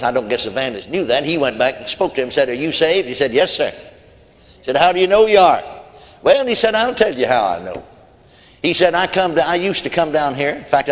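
A man's voice: fairly high pitch, long reverb tail. A man preaching a sermon, telling folksy stories with quoted voices and chuckles. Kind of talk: sermon storytelling.

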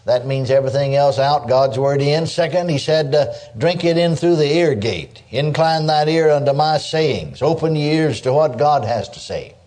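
A man's voice: a little high, moderate pace, hardly any pauses. Folksy older man preaching a sermon. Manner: folksy, animated preaching with frequent "praise God" asides.

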